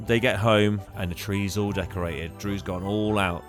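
A man on a casual podcast, retelling a film's plot with frequent laughs and quick comic voices for the characters. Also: on the low side, fairly even intonation, over music. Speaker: podcast co-host recapping a film.

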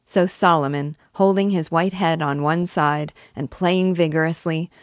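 A woman teacher reads a classic novel aloud, measured and expressive. Her voice is low-pitched, and the recording is dry and close with no room sound. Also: no room sound. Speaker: literature teacher.

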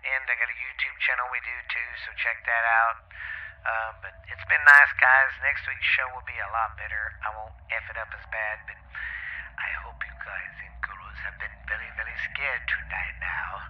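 A man's voice: medium pitch, fairly even intonation, moderate pace, slightly rough. Man through an old-radio filter. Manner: rambling, self-correcting, apologetic. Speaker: podcast host. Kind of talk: casual ghost-story podcast narration. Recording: muffled lo-fi radio-style sound.

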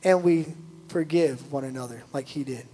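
A young man, a youth pastor, giving a casual, animated sermon full of "like" asides. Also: medium pitch, moderate pace, slightly rough, poor audio.

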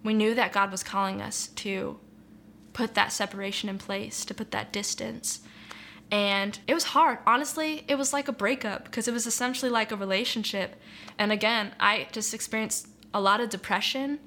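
A woman's voice: mid-range voice, steady tone, normal speed, sharp tone, slight background noise. A young woman telling her personal faith testimony in an earnest, reflective, conversational way, with frequent "like" and "you know". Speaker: interviewee sharing testimony.

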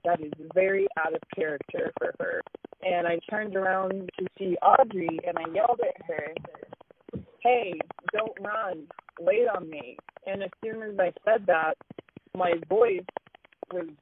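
High-voiced man on a crackly phone line. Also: normal speed. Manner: animated storytelling with acted quotes. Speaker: caller telling a ghost story. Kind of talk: storytelling over the phone.

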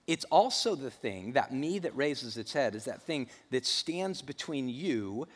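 A man's voice: medium pitch, expressive, moderate pace, few pauses, in a large hall. A male pastor preaching a sermon in a church, emphatic and repeating key phrases.

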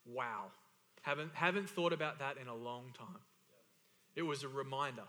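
A man's voice: mid-range voice, normal speed, pushed and bright. A man preaching a sermon as pastor, emphatic and repeating key phrases for stress. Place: church hall. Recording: church hall reverb.

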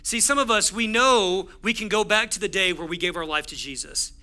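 A young man preaching a sermon in a high, sharply bright voice. He tells his story with lively, conversational energy, speaking straight to his congregation as their pastor. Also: fairly quick, clear, resonant tone.

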